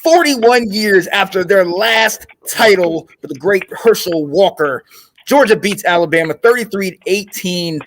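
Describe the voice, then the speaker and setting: High-voiced guy kicking off a sports pod, hyped. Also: animated, measured pace, fairly bright tone, a little hiss or hum. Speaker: podcast host. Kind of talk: show introduction.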